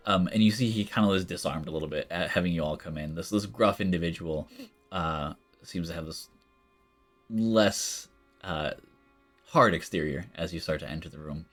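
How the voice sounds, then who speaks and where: A man's voice: deep voice, normal speed. A man running a tabletop game as game master, narrating loosely with lots of fillers. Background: faint background music.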